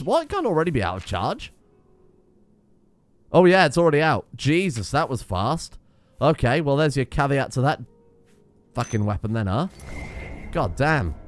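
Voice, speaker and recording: Sweary gamer, lively voice. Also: male voice, fairly high pitch. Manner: sweary, joking and animated. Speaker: let's play gamer. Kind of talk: casual gameplay commentary.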